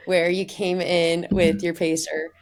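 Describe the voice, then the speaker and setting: A woman interviewer with a somewhat low voice asking questions casually. She hesitates and fills her phrasing as she goes. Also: little pitch movement, unhurried, a little mellow. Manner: hesitant, many "like" fillers. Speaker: podcast host, interviewer.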